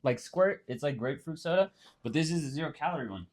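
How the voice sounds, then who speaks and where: Podcast dude, swears a ton, cracks himself up, voice jumps all over. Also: male voice, a little high, lively intonation, fast talker. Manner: profane, laughs a lot, teasing. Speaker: podcast co-host. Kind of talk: casual chat. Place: Phoenix.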